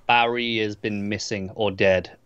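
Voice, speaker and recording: A man co-hosting a podcast in casual chat, halting and repeating words as he gets going. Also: on the low side, fairly even intonation, fairly bright tone, clean tone, no echo, lo-fi sound. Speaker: podcast co-host.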